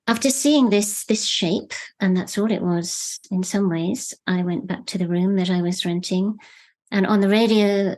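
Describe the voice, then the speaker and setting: A woman with a slightly low voice talks about her writing in a measured, reflective way. She pauses and restarts as she searches for the exact phrase. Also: a little mellow. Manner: thoughtful, measured, searching for words. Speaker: novelist guest. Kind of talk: reflective interview conversation.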